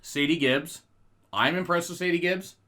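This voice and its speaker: Speaking at normal speed, this man has a somewhat high voice that sounds pushed and bright. He co-hosts a podcast, casually riffing on wrestling, cursing liberally and cracking himself up.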